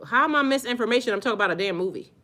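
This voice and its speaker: Bright-voiced woman ranting on a live stream. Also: fairly high pitch, very fast. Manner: animated, profane, slangy, talks straight to viewers. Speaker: spiritual vlogger live-streaming. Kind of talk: casual live-stream chat.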